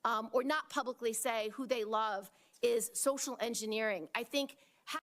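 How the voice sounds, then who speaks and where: A woman's voice: a little high, normal speed, fairly bright tone. A woman senator questioning a nominee at a hearing, pointed and indignant, often restarting her sentences.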